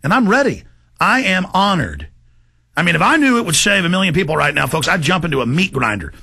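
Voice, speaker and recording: A man's voice: sits high, sing-song, fairly quick, vocal fry, husky. A man hosting a talk show, ranting in an impassioned monologue to his listeners. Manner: ranting, shouts in bursts, addresses folks directly.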